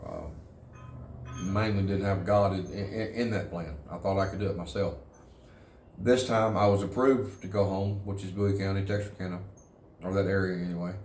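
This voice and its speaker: Low, flat male voice, halting earnest testimony, echoey room. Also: a little hiss or hum. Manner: halting and earnest, repeats words. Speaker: interviewee, former prisoner in a recovery program. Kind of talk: personal testimony.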